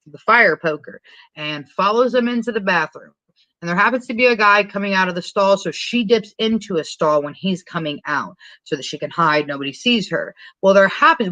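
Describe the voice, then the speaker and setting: A woman's voice: mid-range voice, a bit bright, no room sound, dull audio. A woman co-hosting a podcast, retelling a movie in a rambling, profane, casual way with frequent laughs. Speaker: podcast co-host. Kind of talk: casual movie recap chat.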